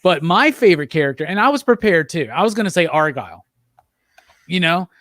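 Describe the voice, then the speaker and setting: Man, podcast host, enthusiastic, fairly high voice, dry close sound. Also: brisk, no room sound. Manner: animated, enthusiastic, leads the discussion. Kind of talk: casual movie review chat.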